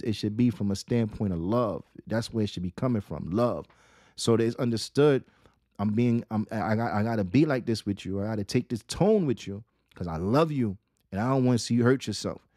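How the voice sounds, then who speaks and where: A man giving a religious lesson, asking rhetorical questions, repeating key phrases and reading Arabic quotations quickly. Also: mid-range voice, mellow, no room sound, clean studio sound. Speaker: Islamic teacher.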